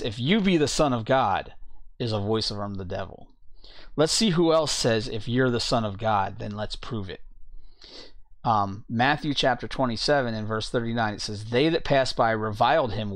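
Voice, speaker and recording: A man's voice: mid-range voice, no echo. Man teaching from scripture, dry sound. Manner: reads scripture aloud, searching for verses mid-talk. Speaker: Bible teacher. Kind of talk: informal Bible teaching.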